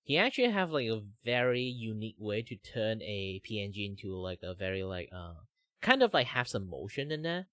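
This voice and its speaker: Lively low-voiced man. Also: fairly quick, dry recording. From Malaysia. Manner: rambling, with many fillers and laughs. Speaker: streamer host. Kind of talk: casual stream chat.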